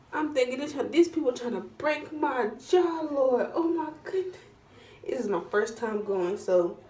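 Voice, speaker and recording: A young woman vlogger telling a casual storytime in an animated, dramatic way, full of slang. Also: medium pitch. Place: at home, doing her hair while talking. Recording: roomy echo from a distance, faint background hum.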